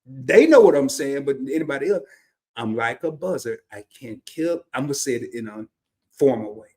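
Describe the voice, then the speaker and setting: A man's voice: mid-range voice, animated, normal speed, warm tone. Laid-back Southern man telling stories. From Arkansas. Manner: laid-back, drawling, laughs often. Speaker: livestream host. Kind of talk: casual storytelling monologue.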